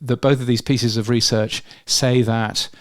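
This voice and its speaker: A London-accented man co-hosts a casual news podcast, walking through research in a steady, unhurried, mid-range voice. He's hesitant, full of ums, fillers, and restarted sentences.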